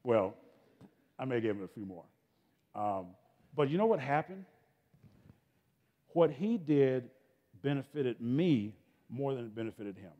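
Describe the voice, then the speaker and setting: A middle-aged man talks to a school audience in a loose, folksy storytelling voice, pitched right in the middle for a man. He keeps stopping and restarting his sentences and drops into casual grammar. His voice carries a long reverb tail from a big hall. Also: measured pace, pauses often, dull audio. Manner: folksy, animated, self-interrupting, casual grammar. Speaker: guest speaker. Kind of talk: storytelling talk to students. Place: school event space.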